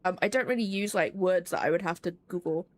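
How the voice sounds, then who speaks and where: A woman with a voice on the low side talks fast while streaming a puzzle game. She keeps up chatty, rambling commentary full of fillers, often poking fun at herself.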